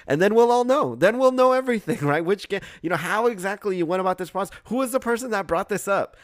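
A man talking in a casual sports chat, animated and sarcastic, mocking what he argues against. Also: high-pitched, fast, no room sound, studio quality.

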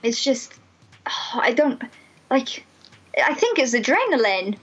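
A young woman, a student mental health nurse, telling a personal story in an animated, emotional way, full of "like" fillers. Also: high-pitched, slow pace, husky, dull audio.

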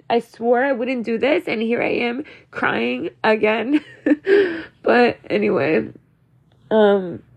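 A woman's voice: mid-range voice, gravelly, darkish tone, breathy edge. A young woman talking to her viewers as a mother, venting in a casual, rambling, emotional way, full of "like" and "you know.". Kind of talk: casual confessional monologue.

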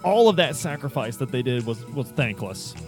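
A man co-hosting a casual chat about a video game, relaxed and quick with short agreeing replies. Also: medium pitch, soft background music. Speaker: podcast co-host.

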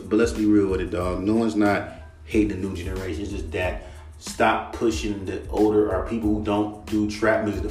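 A young man hosting a podcast, ranting casually and profanely about rap and imitating other rappers' flows. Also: fairly low pitch. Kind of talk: casual solo rant. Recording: echoey room, mic at a distance, faint music.

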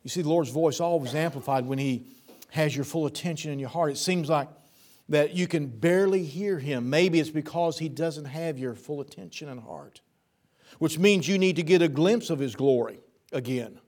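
A man preaching a sermon in plain folksy speech, repeating words for emphasis and swinging from loud bursts to low, soft phrases. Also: moderate pace.

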